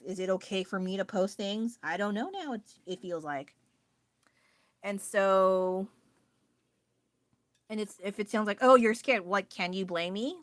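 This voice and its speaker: A woman's voice: medium pitch, fairly bright tone, no room sound. A woman chatting casually on a livestream about her art, rambling and joking about herself. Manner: chatty, rambling, self-deprecating. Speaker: livestreaming artist. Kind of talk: casual chat. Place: home, indoors. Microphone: phone.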